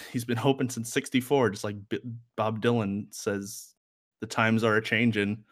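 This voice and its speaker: Laid-back low-voiced man chatting about songs. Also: level tone, a little slow, fairly bright tone. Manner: rambling, filler-heavy, wry. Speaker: music podcast co-host. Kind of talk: casual music review chat.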